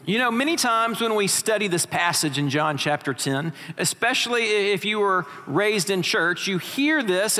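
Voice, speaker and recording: A man's voice: sits high, bright, forceful tone. A man preaching a sermon as pastor, reading scripture and asking rhetorical questions of his congregation in a church. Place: church sanctuary. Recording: long hall reverb.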